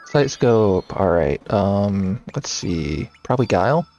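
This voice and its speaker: A man casually commenting on his game playthrough, rambling and thinking out loud. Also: on the low side, expressive, takes it slowly, creaky, dull audio. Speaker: game streamer. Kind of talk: casual let's-play commentary.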